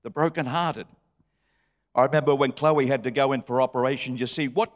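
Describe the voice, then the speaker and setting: A middle-aged man preaching a sermon, telling heartfelt stories and shifting from soft, quiet passages to lifted, emotional ones. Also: on the high side, moderate pace. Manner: heartfelt storytelling, dropping soft then rising. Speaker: pastor. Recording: long reverb of a hall.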